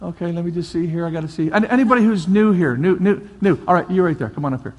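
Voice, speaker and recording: A man preaching as a pastor, energetic and coaxing, often repeating his calls to the crowd. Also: high voice, fast talker, highs cut off. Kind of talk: lively sermon demonstration. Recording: long hall reverb, faint crowd.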